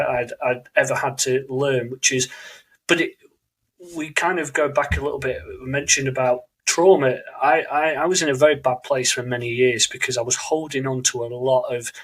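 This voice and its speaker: A man's voice: medium pitch, a bit bright, breathy edge, rough recording. A man hosting a podcast in a casual conversation. He talks in an earnest, reflective way and often searches for his words. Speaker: podcast host.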